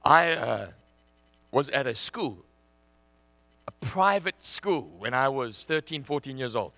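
A man preaching a sermon, telling a personal story in an animated way and laughing often. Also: mid-range voice, slow, creaky, no room sound.

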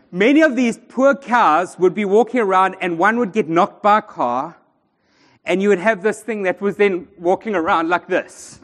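A man's voice: high-pitched, unhurried, fairly bright tone. A man preaching a sermon in a church, joking and bantering with the congregation. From South Africa. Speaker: pastor. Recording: long church reverb.

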